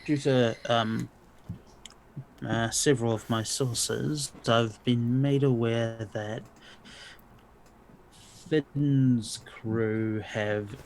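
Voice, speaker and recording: A man playing his character in a tabletop game, talking slowly and hesitantly with plenty of ums. His voice is gravelly with fry, and faint noise sits behind it. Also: medium pitch, fairly even intonation, a little mellow, poor audio. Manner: slow, hesitant, many ums. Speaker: player.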